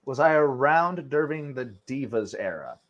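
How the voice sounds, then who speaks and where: A man's voice: mid-range voice, lively intonation, moderate pace, fairly bright tone, highs cut off. A young man hosting a casual online show, thinking aloud through a guessing game and swearing freely. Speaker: host playing a wrestling guessing game. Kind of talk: casual chat.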